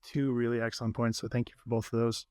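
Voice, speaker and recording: Earnest male podcast host in casual conversation, mid pitch, dry recording. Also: level tone, quick pace, dry recording. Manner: earnest, warm-hearted, many fillers. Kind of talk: casual interview chat.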